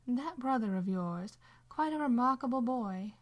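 A woman voicing a gentle, teasing old blind woman who speaks fondly and motherly in a storybook reading. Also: fairly high pitch, expressive, a little slow, voice pushed up.

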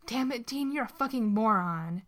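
A protective, exasperated young man, read by a woman in her own middle-pitched voice. He speaks bluntly and sharply. He comes from a storybook reading. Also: moderate pace, darkish tone, lightly acted. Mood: furious.

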